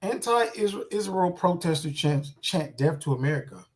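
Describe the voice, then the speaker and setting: A man's voice: a little high, animated, normal speed. A man giving casual reaction commentary on a clip, indignant and repetitive, talking straight to his viewers.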